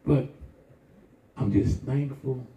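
An older man preaching a sermon in a colloquial, animated style with sudden high-pitched exclamations. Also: slow. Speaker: pastor. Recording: echoey, distant, dull sound.

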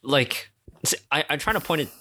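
A man co-hosting a casual chat podcast, teasing his friend and quick to joke. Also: on the high side, lively intonation, pushed and bright. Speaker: podcast co-host.

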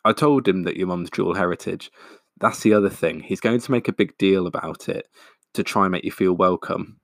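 A man's voice: low voice, a little fast, vocal fry, a bit bright, no echo, studio quality. A man voicing an anxious young woman who talks in an earnest, cautioning way.

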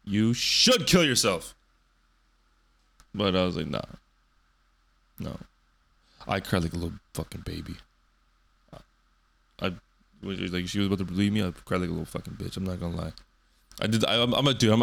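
A man's voice: low-pitched, vocal fry. A man in his early twenties from Canada, talking in a rambling, profane and joking way, with many fillers and restarts. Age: 20s. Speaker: streamer and podcast host. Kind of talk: casual rambling monologue.

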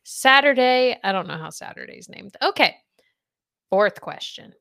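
A woman in her thirties who hosts a podcast, chatting casually and quizzing her guest with lively swings in pitch. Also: unhurried, vocal fry. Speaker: podcast host. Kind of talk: casual chat.

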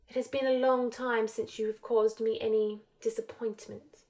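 A woman voicing a menacing male dark lord who gives measured, hissing commands. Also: on the high side, little pitch movement, natural voice. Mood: cold.

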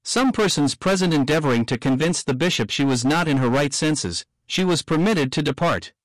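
A man reading archaic prose aloud as an audiobook narrator, in a steady, plain manner. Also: fairly high pitch, normal speed, no room sound, poor audio. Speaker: reader. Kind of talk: audiobook reading of old text.

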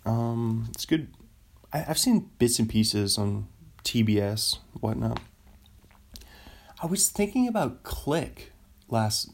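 A man's voice: mid-range voice, lively intonation, slow, gravelly, pauses often. A man rambling in a casual solo chat, often trailing off and laughing at his own ideas. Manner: meandering, self-interrupting, laughs often.

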